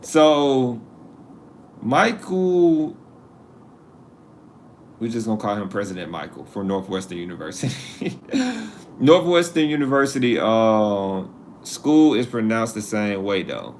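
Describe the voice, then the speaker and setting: A man's voice: on the low side, big pitch swings, slow pace, long pauses, a little mellow, a little hiss or hum. A man hosting a casual live stream, joking with his viewers and laughing at himself as he talks. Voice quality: laid-back and joking, talks to chat. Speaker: livestream host.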